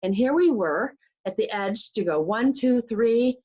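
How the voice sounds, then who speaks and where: Animated woman telling a true story. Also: a little high, measured pace. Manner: animated, acts out quoted voices. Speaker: life coach. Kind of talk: personal storytelling. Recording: slightly muffled recording.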